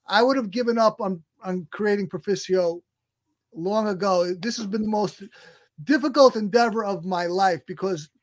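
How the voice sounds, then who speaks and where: High-voiced man, halting and earnest. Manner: halting, many restarts, laughs often. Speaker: guest, self-help software founder. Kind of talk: casual interview talk. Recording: radio show interview.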